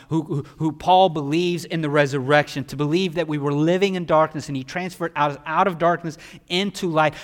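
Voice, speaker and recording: A male pastor preaching a sermon emphatically, swinging from loud peaks down to quiet. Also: fairly high pitch. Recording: long hall reverb.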